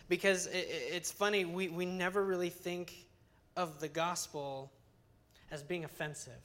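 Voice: mid-range voice, steady tone, measured pace, a bit bright. A young adult Bible teacher giving a conversational sermon, earnest and chatty, often restarting phrases and using fillers.

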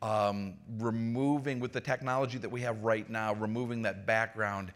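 A man in his forties preaching a sermon in a relaxed, storytelling way with frequent restarts. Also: fairly low pitch, moderate pace. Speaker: pastor.

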